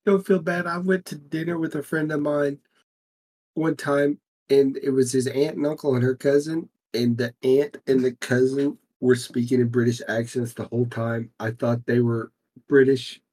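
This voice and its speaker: A man's voice: mid-range voice, fairly even intonation, normal speed, darkish tone, rough recording. A man co-hosting a casual comedic chat, explaining things in a dry, matter-of-fact way. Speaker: podcast co-host.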